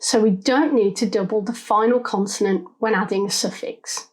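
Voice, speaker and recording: A woman giving scripted spelling lessons, sounding out syllables slowly and deliberately. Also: mid-range voice, husky, low-quality recording. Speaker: English spelling teacher. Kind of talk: scripted instructional narration.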